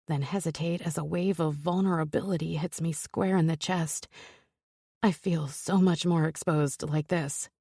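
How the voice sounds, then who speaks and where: A woman reads a first-person romance audiobook in a low, mellow voice with a breathy, husky edge. Her delivery is intimate and close, and the studio sound is completely dry. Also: no echo. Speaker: audiobook narrator.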